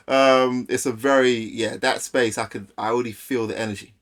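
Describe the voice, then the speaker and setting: A man from London with a London accent, casually chatting and reacting to a video on a live stream in a slangy, animated way. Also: medium pitch, moderate pace.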